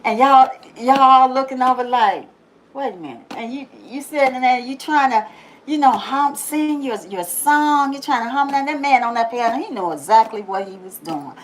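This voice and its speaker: A woman hosting a daily positive-message video, talking casually, laughing often and repeating phrases for emphasis, then softening into slow prayer. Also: sits high, animated, slight background noise, low-quality recording. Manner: drops to a soft, slow prayerful tone. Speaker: YouTube host giving a daily positive message. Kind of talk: casual inspirational monologue.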